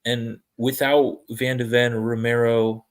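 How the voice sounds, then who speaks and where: A man joining a live fan stream as a guest, measured and analytical, hedging with fillers. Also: mid-range voice, level tone.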